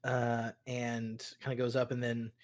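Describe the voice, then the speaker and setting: A man narrating a tabletop role-playing game as game master, halting with many fillers between quick bursts. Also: medium pitch, monotone.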